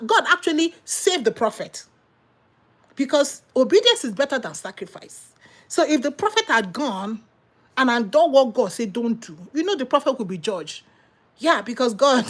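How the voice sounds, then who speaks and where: A woman preacher delivers a passionate sermon in a high, bright voice. She preaches animatedly, firing rhetorical questions and exclaiming often. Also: very animated, moderate pace. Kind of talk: impassioned sermon.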